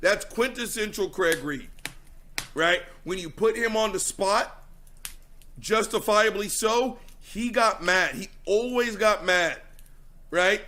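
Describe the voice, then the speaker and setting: Male host, high bright voice, blunt and profane commentary over a clip. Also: takes it slowly. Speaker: show host reacting to a past call.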